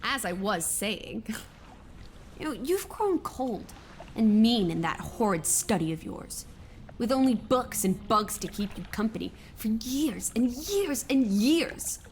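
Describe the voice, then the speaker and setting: A woman's voice: a little high, expressive, slow, slight background noise. A woman playing a spirited young ward in a horror game, who scolds and teases her companion. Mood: lecturing. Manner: scolding, playful.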